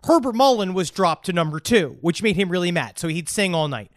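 A man's voice: high voice, lively intonation, brisk, no room sound, clean studio sound. A man co-hosting a comedic podcast, telling a story in a rambling way. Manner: rambling storytelling with quoted voices. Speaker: podcast co-host. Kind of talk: comedic true-crime podcast chat.

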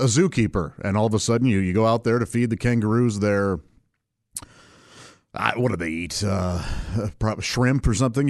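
A man's voice: mid-range voice, dry recording, clean studio sound. A man hosting his own podcast, talking casually and rambling, often restarting sentences and chuckling to himself. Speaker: podcast host. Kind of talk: casual solo podcast talk.

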